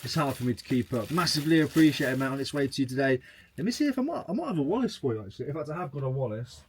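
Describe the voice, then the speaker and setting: A man's voice: mid-range voice, sing-song, very fast, husky. A man chatting casually to camera as a reselling vlogger, joking as he goes through his sales. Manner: chatty and jokey, reading out sales.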